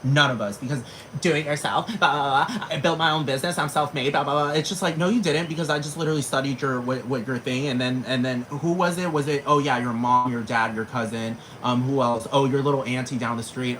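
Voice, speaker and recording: A man's voice: medium pitch, a bit bright, a little hiss or hum, low-quality recording. A man ranting casually to camera, slangy and profane, with sudden dramatic jumps in his voice. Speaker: vlogger.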